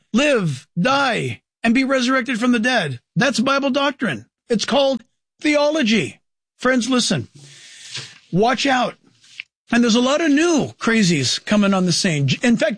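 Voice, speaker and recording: A man's voice: high voice, no echo, clean studio sound. A man giving an emphatic preaching commentary, asking rhetorical questions and sometimes laughing sarcastically at quotes. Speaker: Christian commentator.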